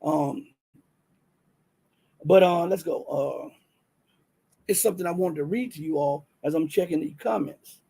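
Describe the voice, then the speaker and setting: A man's voice: a little high, measured pace, gravelly, pauses often, husky. A man with a Southern US accent hosting a casual livestream, talking straight to viewers and reading from his screen with many restarts. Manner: animated, talks to viewers directly, many restarts and fillers. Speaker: livestream host.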